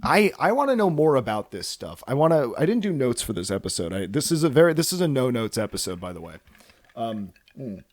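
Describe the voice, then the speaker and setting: A man's voice: medium pitch, very animated, a little fast, dry recording. A man hosting a solo casual podcast, rambling and cursing with self-mocking jokes, tired from too little sleep. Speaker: podcast host.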